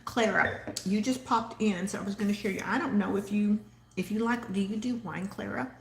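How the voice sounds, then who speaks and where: Chatty Southern woman with a gravelly voice. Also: mid-range voice, a little fast, echoey room. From Texas. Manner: chatty and rambling, reads viewer comments aloud. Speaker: host. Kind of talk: casual live-stream chat.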